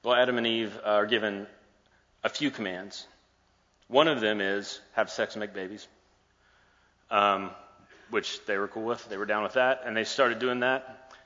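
A man delivers a sermon as a playful, joking storyteller. His voice is bright and forceful, with a long hall echo. The recording is a bit dull. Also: fairly low pitch, steady tone, unhurried, pauses often. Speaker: preacher. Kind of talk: sermon retelling a scripture story.

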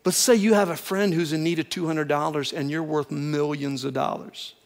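A man's voice: a little high, steady tone, moderate pace. A man preaching a sermon, earnest and emphatic, building points through repeated lists.

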